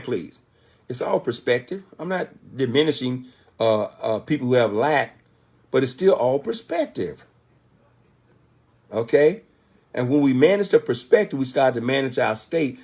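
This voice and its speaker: Older guy giving a pumped up motivational talk, kinda high voice, keeps asking questions then answering them. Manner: emphatic, asks and answers his own rhetorical questions; repetitive, with frequent "Okay?" checks. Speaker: motivational speaker.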